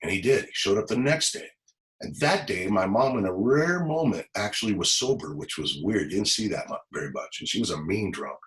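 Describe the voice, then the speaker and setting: Low-voiced man telling a halting story. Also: lively intonation, a bit bright, low-quality recording. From Los Angeles. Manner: halting, repeats words, stammering restarts. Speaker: guest, former police officer. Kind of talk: emotional personal story in an interview.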